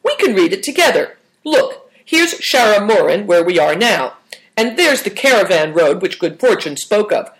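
Thoughtful, cautious boy, measured , read by a woman. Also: medium pitch, very animated, voice pushed up, lightly acted, low-quality recording.

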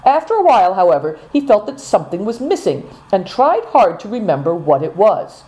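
A woman narrating a storybook, reading expressively at an even pace. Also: medium pitch, fairly quick, poor audio.

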